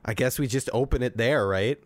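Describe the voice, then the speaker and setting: In a dry recording, a podcast host talks a little fast in a mid-range voice. He's reacting to a movie at his desk microphone, cursing and ranting in frustration.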